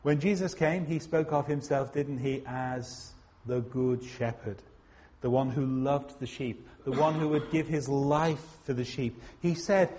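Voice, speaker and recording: A man preaching a sermon in a slow, emphatic way, pausing for weight on single words. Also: medium pitch, mellow. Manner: slow, emphatic, with dramatic pauses.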